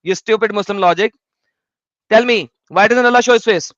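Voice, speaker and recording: High-voiced combative male stream host. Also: a little fast, a bit bright, no echo, dull audio. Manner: blunt, mocking, combative. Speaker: host of a live debate stream. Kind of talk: live-stream chat and debate.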